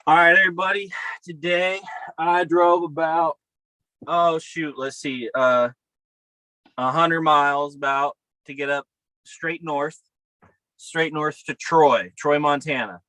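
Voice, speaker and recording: This podcast co-host joins by video call from a camper by a river outdoors. He speaks slowly and steadily in a slightly high, bright, forceful voice, and his casual chat is upbeat, rambling, and full of swearing; the low-quality audio has no echo.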